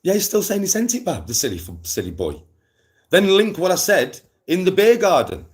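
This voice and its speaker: A young man chatting to his live-stream viewers in a casual, animated way, full of slang and swearing. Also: high-pitched, moderate pace. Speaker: livestreamer.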